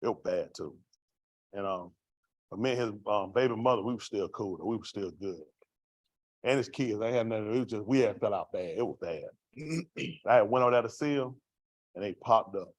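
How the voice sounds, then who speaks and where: A man's voice: fairly low pitch, fairly quick, pauses often, no echo. A man giving a raw, vernacular testimony to a congregation, asking the room rhetorical questions as he tells his story. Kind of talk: street-life testimony to a congregation.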